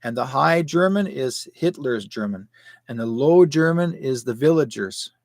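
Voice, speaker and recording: Man, 60s, show host; rambling, conspiratorial delivery with rhetorical questions; mid pitch, dry. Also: expressive, unhurried, darkish tone, dry recording. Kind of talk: live commentary show.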